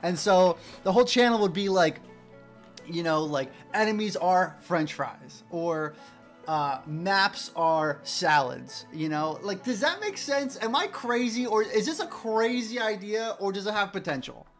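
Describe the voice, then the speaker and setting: A man chatting casually to his viewers on a livestream as a game developer, rambling excitedly and restarting his sentences often. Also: sits high, a little slow, faint music behind.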